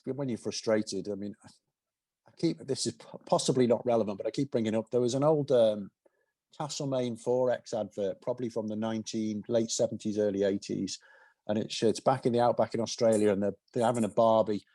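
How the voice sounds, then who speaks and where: A man's voice: on the low side, dark tone, no room sound. A man in his fifties with an English accent, answering questions at a college talk in a thoughtful way, often restarting his sentences. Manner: thoughtful, halting restarts, plain-spoken analogies. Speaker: invited guest, cycling commissioner. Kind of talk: conversational Q&A answers. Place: college event hall.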